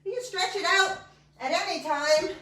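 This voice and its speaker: A woman's voice: extremely high pitch, moderate pace, far from the mic, noisy background. A woman fitness instructor guiding a class through exercises in a chatty, encouraging way with joking asides. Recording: echoey room, voice from off-mic.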